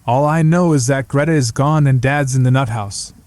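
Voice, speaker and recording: A man's voice: mid-range voice, normal speed, a little mellow, no echo, natural voice. A man voicing a blunt young psychology student who answers in a dry, dismissive, lecturing way. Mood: sardonic.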